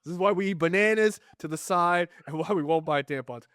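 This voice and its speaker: A man's voice: high-pitched, brisk, fairly bright tone, smooth, dry recording, clean studio sound. A man co-hosting a podcast, chatting casually about a film, joking and cursing, rambling with many restarts. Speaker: podcast co-host reviewing a film. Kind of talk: casual film review chat.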